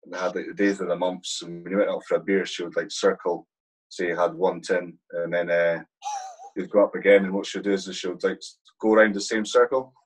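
A man's voice: sits low, level tone, fairly quick, slightly rough, rough recording. A man guesting on a podcast, telling army stories in a rambling, swear-filled way, calling the host "mate" constantly. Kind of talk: casual storytelling.

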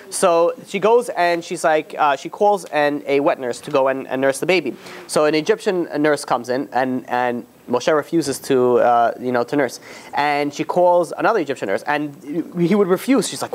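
Rabbi casually retelling a story to students. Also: male voice, fairly high pitch, moderate pace. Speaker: rabbi teaching a class. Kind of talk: informal Torah class storytelling.

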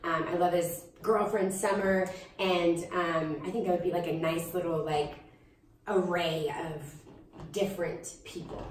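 A young adult woman, a singer-songwriter, chats casually in an interview, animated and full of fillers. Her voice is lowish and a little slow, with a slight hiss or hum. The mic sits at a distance in a roomy space, picking up faint ambience.

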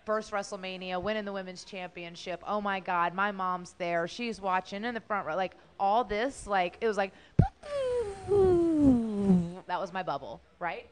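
A woman's voice: medium pitch, normal speed, few pauses, fairly bright tone. A woman in her thirties telling a story as an interview guest, chatty and full of fillers, chewing gum while she talks. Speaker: guest, former wrestler.

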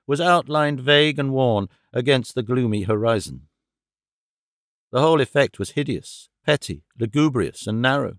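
A man reading a classic novel aloud as an audiobook narrator, in a measured, formal storytelling manner. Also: medium pitch, dry recording, studio quality. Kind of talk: scripted narration.

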